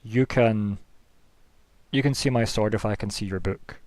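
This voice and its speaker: A man doing a calm, patient paladin clerk. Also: fairly low pitch, measured pace, no room sound, close to an everyday voice. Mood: calm, wry. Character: tall adult male paladin clerk, calm and dryly kind.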